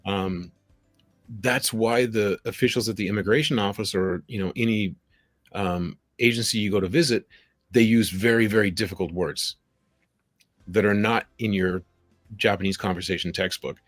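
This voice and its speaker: Male guest, low-pitched, lively storyteller, dry video-call sound with faint music underneath. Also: normal speed, dry recording. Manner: animated, quotes people in little voices. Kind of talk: conversational storytelling.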